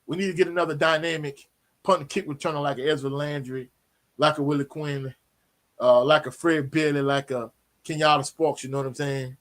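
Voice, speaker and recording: A man, hosting a casual live sports Q&A, animated and slangy, often tagging on "you know what I'm saying". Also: on the high side, fairly quick. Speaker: sports talk host.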